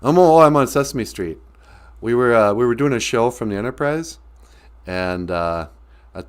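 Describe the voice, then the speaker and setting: A man's voice: mid-range voice, clear, resonant tone, lightly acted. A man doing an impression of an older former male president, speaking in a hesitant, folksy drawl full of uhs.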